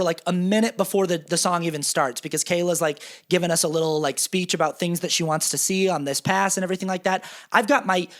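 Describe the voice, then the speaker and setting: Animated man telling a story. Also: fairly high pitch. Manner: animated, self-deprecating, acts out both sides of an argument. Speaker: podcast host. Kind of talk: casual storytelling monologue.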